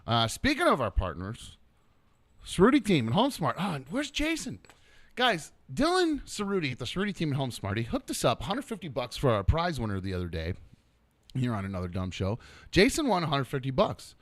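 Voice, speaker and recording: A man hosting a casual podcast, chatting and joking, sometimes cooing softly over his dog or playing up a mock game-show voice. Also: medium pitch, wildly swooping pitch, a little fast, no room sound. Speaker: podcast host. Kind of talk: casual chat.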